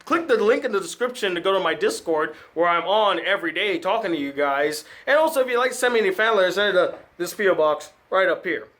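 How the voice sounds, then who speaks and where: High-voiced man ranting sarcastically. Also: animated, fast, hardly any pauses, a bit bright. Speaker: film critic and channel host. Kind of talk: casual film review commentary.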